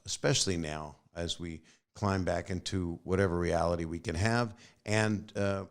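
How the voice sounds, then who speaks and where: Low-voiced man rambling through a podcast outro. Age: 60s. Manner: rambling, joking asides, trailing off quietly. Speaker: podcast host.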